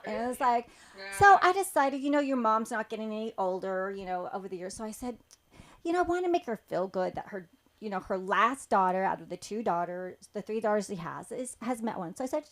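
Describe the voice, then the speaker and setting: A woman's voice: mid-range voice, expressive. Rambling woman doing stand-up. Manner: rambling, halting with fillers and laughs. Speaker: open mic comedian. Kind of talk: stand-up storytelling. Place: small comedy club.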